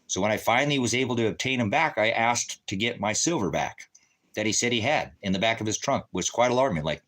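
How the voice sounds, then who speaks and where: A man's voice: fairly low pitch, animated, quick pace, a bit bright. A man telling an angry personal story in a casual rant, cursing and acting out his arguments with other people. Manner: agitated, profane, retells arguments in quoted voices. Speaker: storyteller venting.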